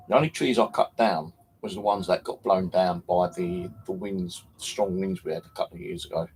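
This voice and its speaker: A man's voice: low-pitched, moderate pace, a little mellow, slightly rough. A man hosting a paranormal channel, chatting casually on a livestream, rambling with lots of fillers and casual swearing.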